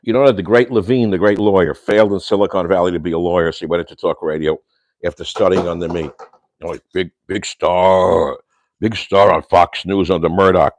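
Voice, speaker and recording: An older man with a very deep, low voice hosts a casual livestream from his home kitchen. He rambles and rants, throwing insults and Yiddish slang. The sound is dry and close, with no room echo. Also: fairly even intonation, fairly quick. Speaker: host.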